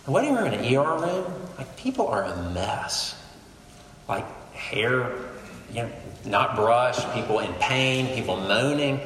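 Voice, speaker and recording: Male preacher, sermon, conversational and animated, big echoing hall, faint background noise. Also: mid-range voice, unhurried. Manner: animated, conversational preaching with sudden quiet drops.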